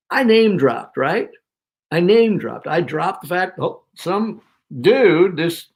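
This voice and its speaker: A man in his sixties, a speaker and author, telling stories in an interview in a lively, slangy, emphatic way and laughing often. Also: a little high, creaky. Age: 60s. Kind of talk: animated storytelling in an interview.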